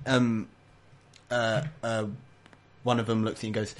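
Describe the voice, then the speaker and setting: A man's voice: medium pitch, little pitch movement, normal speed. A man narrating as game master of a tabletop game, rambling with frequent restarts.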